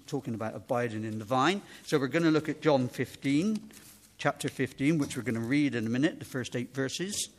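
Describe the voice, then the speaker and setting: Man preaching an informal sermon. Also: medium pitch. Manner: conversational, self-deprecating, trailing off and restarting.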